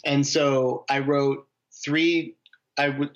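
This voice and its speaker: A man's voice: medium pitch, little pitch movement, takes it slowly, dull audio. A man, a novelist from the United States, answering interview questions in a rambling way, with many restarts and fillers. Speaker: novelist guest.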